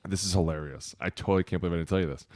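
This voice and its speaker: A man's voice: sits low, steady tone, racing, darkish tone, dry recording, clean studio sound. A man co-hosting a podcast, telling a profane, rambling story in casual banter. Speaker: podcast co-host, former offensive lineman; youth football coach.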